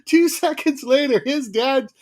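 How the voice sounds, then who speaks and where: A man's voice: extremely high pitch, measured pace, slight background noise. Guy cohosting a morning livestream, upbeat, laughs a lot, reads off chat names. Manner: lively, greets chat viewers by name, laughs a lot. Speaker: livestream co-host.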